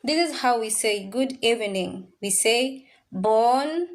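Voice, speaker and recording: A woman teaching a French class, drilling words slowly and repeating them, now and then mixing in Swahili phrases. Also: fairly high pitch, expressive. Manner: slow, repetitive drilling of words. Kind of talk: classroom language lesson.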